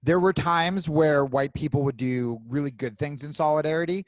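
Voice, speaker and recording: A man hosting a podcast in casual chat, blunt, swearing freely and backing his guest with quick agreements. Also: a little high, dry recording. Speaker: podcast host.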